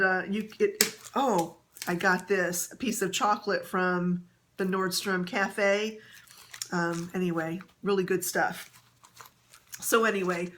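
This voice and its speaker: A woman vlogging casually, chatting gently with many fillers and soft laughs as she shows items and tells a story. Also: medium pitch, slight background noise. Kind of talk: casual haul and story vlog.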